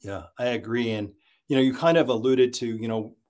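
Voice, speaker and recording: A man who consults on sales, a guest in an interview, telling stories with lots of energy and getting louder and higher when excited. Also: fairly quick. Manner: energetic storyteller, gets loud and high when excited. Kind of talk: podcast interview, storytelling.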